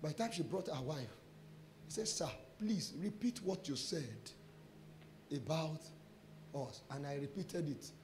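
A man's voice: on the high side, unhurried, pauses often, a little hiss or hum. A Nigerian man, a pastor, preaching a sermon and telling testimony stories, acting out the dialogue and mixing in pidgin phrases. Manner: animated storyteller acting out dialogue.

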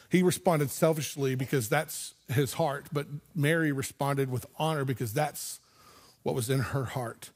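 A man's voice: medium pitch, measured pace, breathy edge. A man preaching a sermon in church as pastor, telling the story with animation and acting out imagined voices. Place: church sanctuary.

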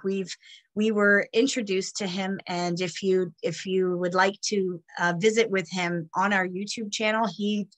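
Tearful woman giving a halting introduction. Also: fairly low pitch, fairly bright tone. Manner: emotional, halting, many restarts. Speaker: community program host. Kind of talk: heartfelt spoken introduction.

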